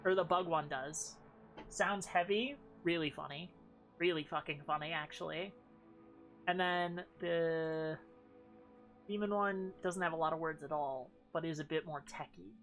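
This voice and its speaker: A woman's voice: deep voice, unhurried, a bit bright, soft background music. A woman streaming a game and chatting casually with her chat. She thinks aloud and swears often. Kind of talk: casual live game commentary.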